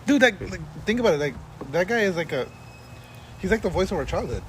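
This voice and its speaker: A man's voice: high voice, very animated, fast talker, background noise. A man co-hosting a gaming podcast in casual chat, rambling with restarts and swearing freely. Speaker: podcast co-host.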